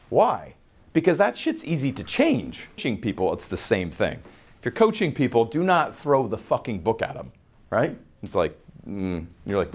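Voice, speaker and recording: A man's voice: on the low side, huge pitch swings, normal speed. A man talking as a life coach on a podcast, blunt and profane, acting out little scenes as he makes his points. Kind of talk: motivational podcast talk.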